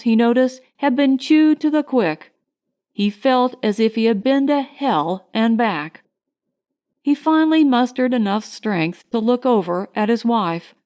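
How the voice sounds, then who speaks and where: A woman narrating a science fiction short story in a steady, measured storytelling manner. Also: fairly high pitch. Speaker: audiobook narrator. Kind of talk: scripted narration.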